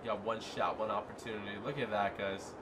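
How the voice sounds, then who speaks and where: A young man giving excited commentary while playing a video game, often breaking into loud bursts of surprise. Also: lowish voice, fairly quick, background noise. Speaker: gaming YouTuber.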